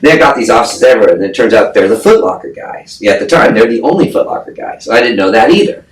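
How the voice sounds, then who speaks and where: A man's voice: lowish voice, animated, fast. A man guest on a podcast, telling a story in a blunt, profane, casual way and acting out the voices of people he quotes. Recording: echoey room, distant mic, faint noise.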